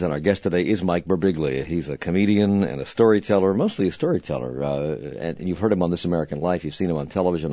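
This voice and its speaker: Male talk-radio host, low and dry, asks stumbling curious questions. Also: darkish tone, dry recording, dull audio. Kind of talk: radio interview.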